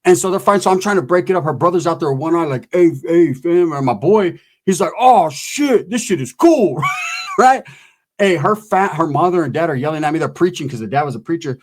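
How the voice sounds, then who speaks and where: Crude comedian, slightly high voice. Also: male voice, fast talker, hardly any pauses. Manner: crude, rambling, tags lines with "right?"; acts out voices of people in the story. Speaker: stand-up comedian. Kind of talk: stand-up storytelling.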